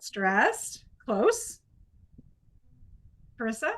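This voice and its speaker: A woman's voice: fairly high pitch, sing-song, extremely slow, fairly bright tone. A woman instructor leading an improv exercise in a training workshop, encouraging and conversational. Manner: encouraging, conversational, with playful demonstrations.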